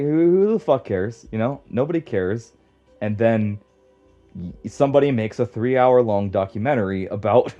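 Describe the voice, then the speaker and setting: A man's voice: on the low side, warm tone. A young man rambling casually as a podcast guest, swearing often and filling his talk with "like.". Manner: rambling, swears a lot, heavy use of "like". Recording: dull lo-fi audio.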